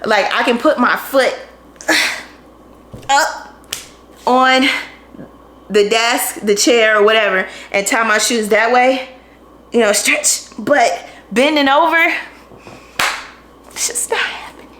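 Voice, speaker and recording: A woman's voice: a little high, slow, pauses often, fairly bright tone. A young woman talking casually to her vlog camera at home in her kitchen, tired and out of breath, laughing often as she chats. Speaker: vlogger. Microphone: camera on tripod. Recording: roomy kitchen echo.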